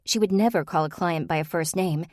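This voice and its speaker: A woman reading a cozy mystery novel aloud in a steady, even manner. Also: lowish voice, brisk, no echo, studio quality. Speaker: audiobook narrator. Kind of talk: scripted narration.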